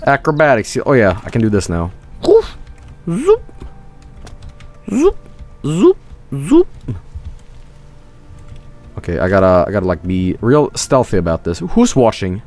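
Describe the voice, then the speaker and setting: A man's voice: sits low, animated, brisk, few pauses. A young man streaming a video game, joking sarcastically and rambling as he plays. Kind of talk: casual game commentary. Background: game audio and music.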